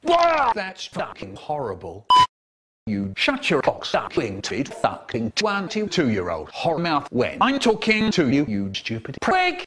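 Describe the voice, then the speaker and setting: A man telling comic stories in an animated, expressive way, in chopped-up clips. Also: a little high, measured pace, few pauses, background noise. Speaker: storyteller. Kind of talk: spliced comic storytelling clips.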